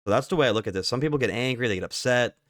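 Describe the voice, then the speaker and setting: A man's voice: medium pitch, lively intonation, rapid-fire, dry recording, studio quality. A man casually walking through stock charts, rambling with lots of fillers and the odd curse. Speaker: stock market commentator. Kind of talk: casual chart analysis walkthrough.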